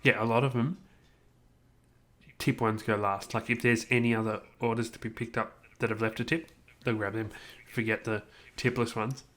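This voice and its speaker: A man's voice: lowish voice, fairly even intonation, normal speed, a bit bright. A man co-hosting a casual podcast, mostly chiming in with short, easygoing replies. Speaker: podcast co-host.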